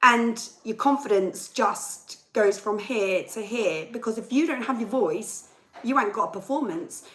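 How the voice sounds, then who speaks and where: A woman's voice: fairly high pitch, unhurried, rough recording. A young woman hosting a casual livestream and ranting to viewers, her voice chesty and worn. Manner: chatty, ranting, reads viewer comments aloud. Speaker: livestream host and singer. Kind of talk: casual live chat with viewers.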